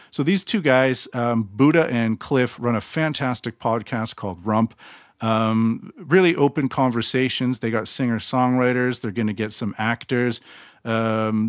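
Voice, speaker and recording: A man's voice: medium pitch, no echo, clean studio sound. A Canadian man hosting his own podcast, talking alone in a rambling, blunt and self-deprecating way. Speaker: podcast host. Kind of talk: casual solo monologue.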